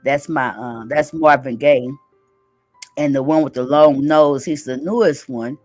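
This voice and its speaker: A woman's voice: a bass voice, a little slow, a little mellow, faint music behind. A woman hosting a live stream, reading daily affirmations aloud and chatting casually, often asking "right?". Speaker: livestream host.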